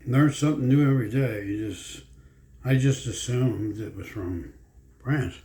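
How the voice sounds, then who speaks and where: A man's voice: medium pitch, a little slow, dark tone. A man chatting casually at home in a vlog, wandering from story to story in a folksy, meandering way. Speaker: vlogger. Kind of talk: casual rambling chat. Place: home room. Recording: echoey room, faint ambience.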